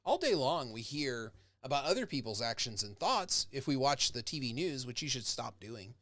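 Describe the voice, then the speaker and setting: A man's voice: mid-range voice, big pitch swings, moderate pace, a bit bright. A man, a professor, giving a casual lecture. He talks conversationally and acts out example speakers with growing intensity.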